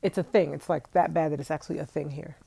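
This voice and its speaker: A woman's voice: deep voice, fairly even intonation, fast, vocal fry, dark tone, breathy edge, dry recording. A young woman congested with allergies, chatting casually and directly to her viewers on a live stream from home. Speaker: vlogger. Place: indoors at home.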